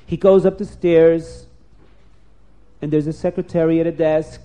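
A man telling a story aloud, acting out the characters' lines with lively shifts in pitch. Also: moderate pace. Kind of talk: spoken storytelling.

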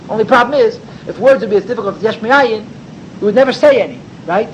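Animated high-voiced man teaching a class. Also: fairly quick, a little hiss or hum, poor audio. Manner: animated, rhetorical questions, sweeping pitch for emphasis. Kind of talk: Torah class lecture.

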